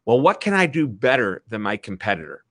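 A middle-aged man with a Midwestern American accent, an author speaking as an interview guest over a video call, talking with lively enthusiasm. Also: mid-range voice, fairly quick, no echo, clean studio sound. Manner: enthusiastic, animated. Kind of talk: energetic interview talk.

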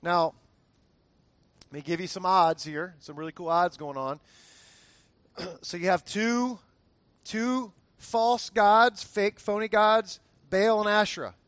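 A man's voice: high voice, fairly even intonation, slow pace, long pauses, a bit bright, clear, resonant tone, no room sound. A man preaching a sermon, chatty and joking, who often stumbles and repeats words and asks the crowd to answer aloud. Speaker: pastor.

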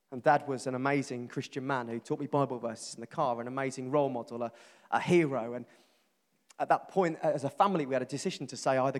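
A man's voice: mid-range voice, steady tone, fast. A middle-aged man preaching a sermon, earnest and emphatic, building lists and repeating phrases. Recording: long reverb from a large hall.

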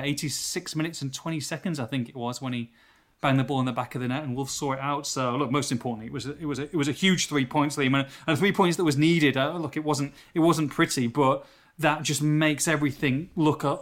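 A man co-hosting a football podcast, telling stories in an animated, self-mocking way. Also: medium pitch, fast. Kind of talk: casual podcast chat.

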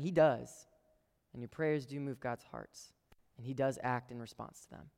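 Preacher with whispers and outbursts, reverberant hall. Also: male voice, medium pitch, fairly even intonation, moderate pace, smooth. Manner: swings from loud emphatic lines to hushed whispers; addresses the congregation as "guys". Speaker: pastor. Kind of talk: sermon.

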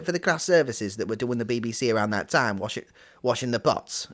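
A man's voice: medium pitch, expressive, brisk, fairly bright tone. A man hosting an improvised comedy show, stammering and blustering as he talks. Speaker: comedy podcast host.

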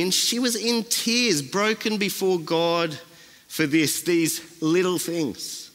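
Aussie guy preaching in church, slightly high voice, earnest, lots of repeating, long echo. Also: steady tone, slow pace, a bit bright. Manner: earnest, repeats phrases for emphasis. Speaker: guest preacher. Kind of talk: sermon.

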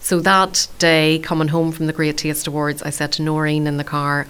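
Low, smooth-voiced woman. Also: flat delivery, normal speed. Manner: chatty, warm-humoured and self-deprecating. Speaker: community radio food show presenter. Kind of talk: relaxed storytelling in an interview.

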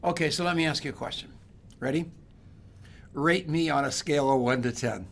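A man's voice: on the high side, fairly quick, vocal fry, a bit bright. A man hosting a podcast, talking casually and bluntly with jokes. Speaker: podcast host. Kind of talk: casual chat.

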